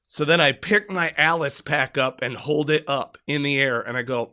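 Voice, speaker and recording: A middle-aged man co-hosting a podcast, telling a military story in casual, profane chat and acting out shouted quotes. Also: a little high, normal speed.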